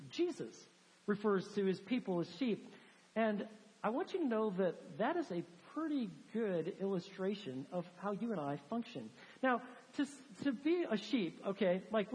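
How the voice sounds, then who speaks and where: A woman's voice: medium pitch, darkish tone. A woman preaching a sermon in a church, conversational and emphatic with many fillers. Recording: long hall reverb.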